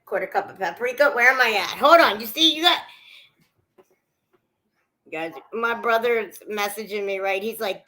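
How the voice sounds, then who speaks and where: Cooking live for her viewers, a woman keeps up a chatty stream of talk, breaking off mid-sentence to greet people by name and often trailing away. She has a fairly high, bright, forceful voice with lively intonation at a normal speed. The audio quality is poor.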